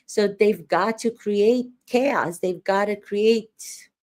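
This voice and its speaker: Woman acting coach, emphatic commentary, fires off rhetorical questions, mid-pitched voice. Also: slow, a little mellow. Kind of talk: commentary on trial footage.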